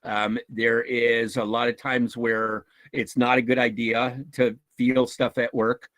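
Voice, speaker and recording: A man from a nonprofit, giving an informal talk and answering questions in an animated way, with chuckles, restarts and acted-out quotes. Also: medium pitch, slow pace, dry recording, low-quality recording. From United States. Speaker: guest speaker from a nonprofit.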